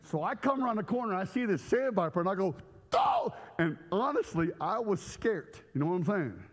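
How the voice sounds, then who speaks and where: A middle-aged male pastor telling a story in a sermon, acting out the scenes with shouts and sound effects. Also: high voice, animated, brisk. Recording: echoey hall.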